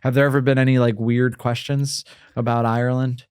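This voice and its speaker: A man's voice: medium pitch, little pitch movement, brisk, darkish tone, smooth, dry recording. A man hosts a podcast in a loose, casual chat. He talks with lots of fillers and restarts. His voice sits mid-range and sounds close and dry, with no room around it. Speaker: podcast host.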